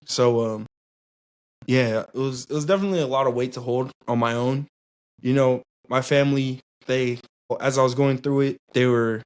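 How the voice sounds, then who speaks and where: A young man in his late teens or twenties, a podcast guest, talking openly and easily with many pauses and fillers. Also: mid-range voice, darkish tone. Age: young adult. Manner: easygoing, candid, halting with fillers. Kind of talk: casual podcast chat.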